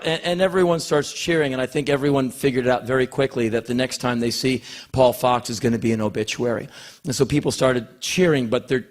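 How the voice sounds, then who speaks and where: A man's voice: medium pitch, a little fast. A man telling a long personal story on stage, acting out the voices of the people in it and often stumbling over his words. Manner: animated, acts out quoted voices; rambling, repeats words when emotional. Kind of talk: spoken word storytelling.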